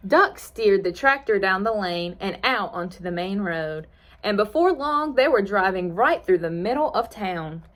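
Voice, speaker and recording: Woman, children's librarian at storytime: slow, expressive read-aloud, pitch leaping around, with playful asides to the kids. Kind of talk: reading a picture book aloud at storytime.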